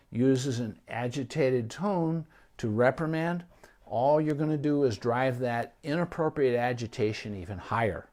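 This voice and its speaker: A middle-aged veterinarian talks through pet care in an unscripted, easygoing advice talk, conversational and often pausing on ums and restarting sentences. His pitch sits in an ordinary middle range for a man, with a slightly mellow quality.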